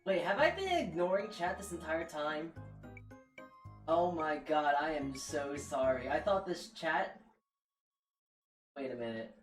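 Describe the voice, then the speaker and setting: A virtual streamer chats live with her viewers, flustered, self-mocking and apologetic, often exclaiming. Her voice sits low and is expressive, with a measured pace and frequent pauses, in an echoey room with faint background music.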